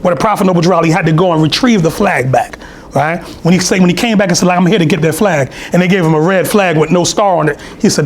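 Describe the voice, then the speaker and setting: A man's voice: sits high, fast talker. Man, raised voice, rambling storytelling sermon, faint hiss behind. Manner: loose, storytelling, many fillers and asides. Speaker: speaker at a temple meeting. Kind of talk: conversational sermon. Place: temple hall.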